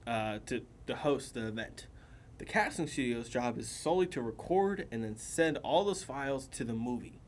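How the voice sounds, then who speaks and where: A man co-hosting a podcast, telling animated stories in casual chat and laughing often. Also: medium pitch, moderate pace, slight background noise. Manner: animated storyteller, laughs a lot. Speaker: podcast co-host.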